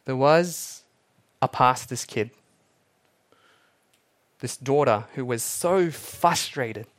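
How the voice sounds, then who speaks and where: A man's voice: mid-range voice, takes it slowly. A male pastor preaching a sermon, dramatic, repeating key words and dropping his voice almost to a whisper for emphasis.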